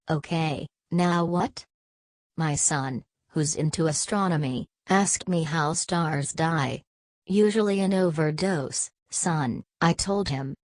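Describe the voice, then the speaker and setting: A woman reading a list of dark jokes aloud, doing quoted lines in the same even voice. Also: deep voice, dry recording.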